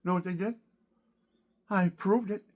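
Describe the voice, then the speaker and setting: A man delivering a rambling, indignant rant, swinging from loud outbursts to hushed asides. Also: high voice, fairly even intonation, unhurried.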